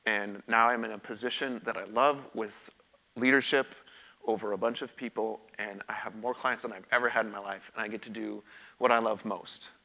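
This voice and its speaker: A man's voice: fairly low pitch, fairly even intonation, moderate pace, vocal fry, sharp tone. A middle-aged man preaching a sermon, telling his own story in a candid, conversational way with emphatic repetition. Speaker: pastor. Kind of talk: sermon with personal testimony.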